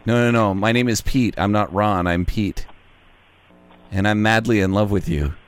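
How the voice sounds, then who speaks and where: Deadpan low-voiced prank caller. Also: male voice, moderate pace, soft background music. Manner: deadpan, absurd. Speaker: prank caller, podcast host. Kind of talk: prank phone call.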